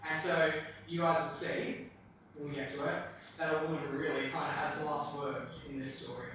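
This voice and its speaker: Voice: medium pitch, moderate pace. Chatty Australian preacher in an echoey hall. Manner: animated, chatty, asks "right?" often. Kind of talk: lively sermon for a young audience. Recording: very echoey hall, from far off, faint noise.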